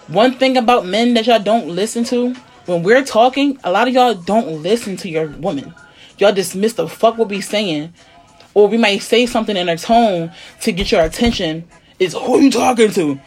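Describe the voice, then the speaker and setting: A woman in casual chat, talking bluntly and emphatically, often swearing, sometimes dropping to a low, quiet tone. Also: husky. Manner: blunt, profane, emphatic venting; drops to a low, quiet tone to make a point. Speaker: conversation partner.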